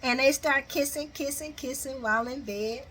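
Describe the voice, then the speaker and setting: A woman giving a lively, casual recap of a soap opera, laughing often and acting out the characters' lines. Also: sits high, normal speed, slight background noise. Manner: animated, laughs often, acts out quotes.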